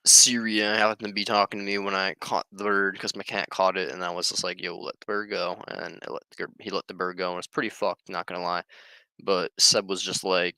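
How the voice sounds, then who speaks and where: Deep-voiced man rambling offhand. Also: level tone, brisk, bright, forceful tone, smooth, no echo, poor audio. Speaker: streamer. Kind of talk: casual monologue.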